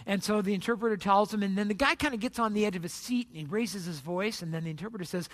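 A pastor preaching a sermon, an animated storyteller whose voice rises loud in the busy parts and softens into slow appeals. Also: medium pitch. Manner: animated storyteller, rising loud when retelling chaos; trails off into soft, slow appeals at the close.

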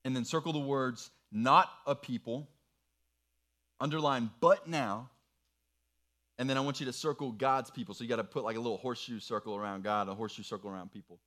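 An earnest man preaches to a young audience in a mid-pitched voice. He walks them through a worksheet with patient, encouraging instructions. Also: fairly quick, a bit bright. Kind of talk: sermon with worksheet activity.

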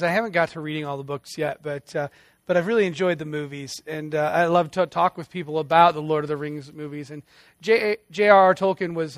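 High-voiced man preaching a sermon. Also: no room sound. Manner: earnest, emphatic preaching with repeated phrases and restarts. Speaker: pastor.

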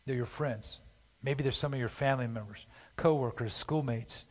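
A man preaching a sermon, impassioned, swinging from loud urging to hushed pleading, recorded in a church sanctuary. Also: medium pitch, normal speed. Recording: dull, roomy church hall sound.

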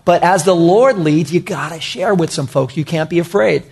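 A man's voice: on the high side, moderate pace, vocal fry, darkish tone, slightly rough. Emphatic preacher man. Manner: emphatic and repetitive, talks to the congregation as "guys". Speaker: pastor. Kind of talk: sermon.

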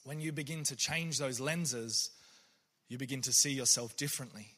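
A man's voice: medium pitch, moderate pace, pushed and bright, big-room sound. A man, a poet, giving a reflective faith talk that mixes in stories. He speaks earnestly, often restarts his sentences, and briefly acts out the voices of people he quotes.

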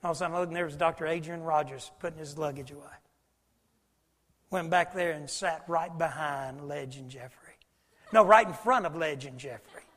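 A man preaching a sermon, telling a folksy story and swinging between loud and hushed. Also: a little high, fairly quick. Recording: long hall reverb.

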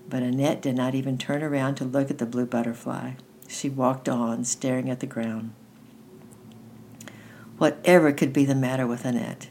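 Very low-voiced woman reading aloud. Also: moderate pace, slight background noise. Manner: steady, gentle read-aloud with occasional slips. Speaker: storytime reader. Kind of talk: reading a children's book aloud.

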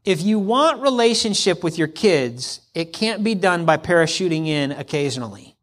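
A middle-aged male pastor with a slightly high voice and big pitch swings preaches at a moderate pace. His sermon is conversational, acting out hypothetical quotes and repeating lines for emphasis.

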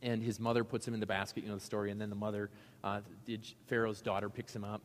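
A man's voice: lowish voice, level tone, fast talker, in a large hall, a little hiss or hum. A male pastor giving a sermon in a conversational, joking way, asking the congregation questions.

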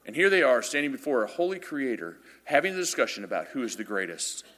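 A man in his thirties preaching a sermon, telling funny stories about himself and building up to loud, emphatic passages. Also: mid-range voice, quick pace. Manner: animated storytelling with self-deprecating humor, building to loud emphatic passages. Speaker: pastor. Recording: long reverb of a large hall.

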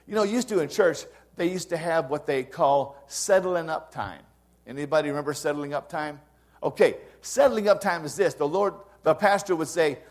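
A man's voice: high-pitched, lively intonation, normal speed. A male pastor preaching a sermon in an earnest, conversational way, pushing up into emphatic rises to stress his points.

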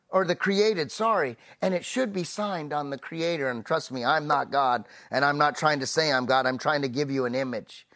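A male pastor preaching a sermon, emphatic, slowing down on key phrases and dropping soft and low at the close of a thought.

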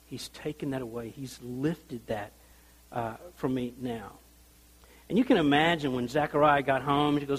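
A male pastor preaching a sermon, telling the story in an animated way and acting out the people in it. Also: medium pitch, normal speed, husky, big-room sound.

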